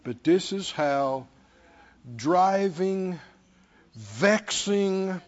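A man's voice: high voice, very slow, dull audio. A man preaching a sermon, telling stories, repeating words for emphasis and asking the congregation "Hmm?". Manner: lively storytelling, asks the congregation "Hmm?".

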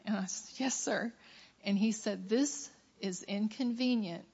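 A woman giving a church testimony in a soft, hesitant way. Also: mid-range voice, a little slow, breathy edge, highs cut off.

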